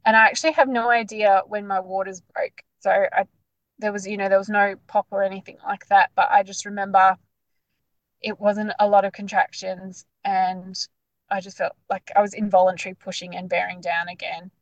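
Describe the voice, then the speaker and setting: A woman's voice: medium pitch, moderate pace, no room sound, lo-fi sound. Chatty woman, dry close sound. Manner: chatty, animated, lots of "like" fillers. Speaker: guest sharing her birth story. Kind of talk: casual storytelling.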